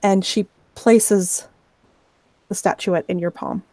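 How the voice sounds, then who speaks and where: A woman runs a tabletop game, narrating scenes slowly and deliberately in a mid-pitched voice. The sound is dry and close to the mic. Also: fairly even intonation, warm tone, no room sound. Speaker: game master.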